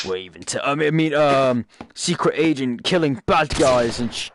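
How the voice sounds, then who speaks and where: A man chatting through a game in a loose, rambling way, tossing out jokes and then correcting himself mid-sentence. His voice sits at an ordinary middle pitch, and he talks casually to his viewers. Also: animated, moderate pace, hardly any pauses, noisy background. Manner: rambling, jokey, self-correcting asides. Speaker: gaming YouTuber. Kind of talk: casual gameplay commentary.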